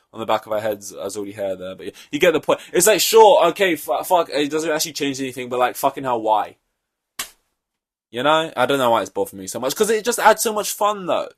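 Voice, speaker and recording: A young man hosting a solo podcast, ranting in an exasperated, profane way. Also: medium pitch. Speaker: podcast host.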